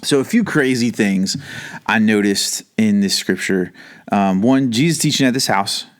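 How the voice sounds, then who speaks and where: A man's voice: on the low side, normal speed. A man pastor teaching the Bible casually from his home basement, chatty and rambling, with frequent asides.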